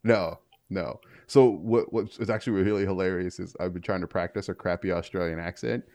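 A man's voice: sits low, fairly even intonation, brisk, darkish tone, no echo. A man, father of a daughter, co-hosting a gaming podcast and telling rambling stories with many restarts. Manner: rambling storyteller, restarts often. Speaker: podcast co-host. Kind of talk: casual gaming podcast chat.

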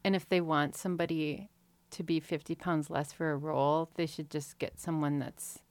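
A woman co-hosting a casual movie review chat, giving frank, quick opinions. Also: low-pitched, fairly even intonation, no echo. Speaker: podcast co-host.

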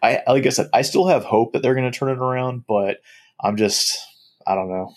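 A man's voice: medium pitch, normal speed. A man chatting casually as co-host, agreeable and laughing along. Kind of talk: casual chat.

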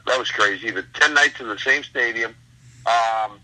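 Man in his 60s, very bright tone, husky, rambling storyteller, lots of fillers. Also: medium pitch, normal speed, low-quality recording. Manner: rambling, many fillers and restarts, chuckles. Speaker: guest, former pro wrestler. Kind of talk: casual storytelling interview.

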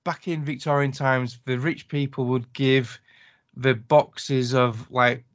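A man's voice: medium pitch, level tone, takes it slowly, muffled recording. A man co-hosting a casual podcast, rambling in an easygoing way. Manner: rambling, easygoing, lots of fillers. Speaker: podcast co-host.

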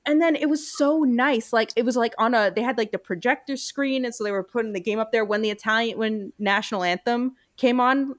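A woman's voice: fairly high pitch, brisk, hardly any pauses, no room sound, clean studio sound. A young woman, co-hosting a casual chat and telling a story full of fillers. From United States. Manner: chatty storyteller with frequent fillers.

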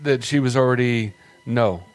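A man's voice: mid-range voice, normal speed, faint music behind. A man co-hosting a morning radio show, wisecracking and gossipy in casual banter.

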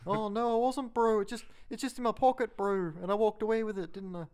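Bloke doing a squeaky new zealand bro caught nicking stuff, all innocent denials. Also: male voice, steady tone, brisk, a little mellow, clean tone, close to an everyday voice. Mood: protesting innocence. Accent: put-on New Zealand. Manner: innocent protesting, says bro a lot. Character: cheeky male New Zealand shoplifter denying everything.

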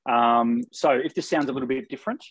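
A man's voice: mid-range voice, fairly quick, slightly rough, dry recording, poor audio. Man, co-host, easygoing live-stream banter, dry close sound over a video call. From Australia. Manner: relaxed, chatty, frequent ums. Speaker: podcast co-host. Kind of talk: casual live-stream chat.

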